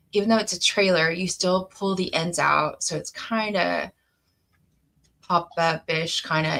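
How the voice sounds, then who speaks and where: Laughing woman telling a story, low voice. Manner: animated storyteller who laughs between lines. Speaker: co-host, tarot reader. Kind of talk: casual storytelling chat.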